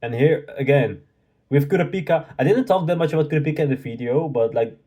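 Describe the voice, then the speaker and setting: Male reaction host, mellow tone, excitable slangy delivery, dull lo-fi recording. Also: on the high side, quick pace. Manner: excitable, slangy, reads manga lines aloud. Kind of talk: live manga reading reaction.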